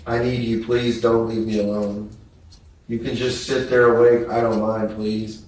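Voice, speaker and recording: A man testifying at a trial, reading text messages aloud in a slow, subdued, flat way. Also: lowish voice. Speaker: trial witness. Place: courtroom. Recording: echoey courtroom from far off.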